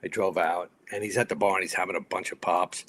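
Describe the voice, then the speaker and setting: A man's voice: sits low, fast talker. A man in his fifties, a retired firefighter turned actor, telling stories as a podcast guest and acting out what people said. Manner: animated storyteller acting out others' lines. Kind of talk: casual storytelling.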